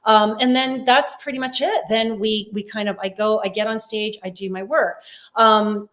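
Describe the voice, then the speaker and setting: A woman's voice: mid-range voice, steady tone, normal speed. A chatty woman speaking over a video call, her voice sitting in an ordinary middle register. She tells stories in a loose, casual way with lots of ums and likes. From Canada. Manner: chatty, warm storytelling with many fillers. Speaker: psychic medium guest.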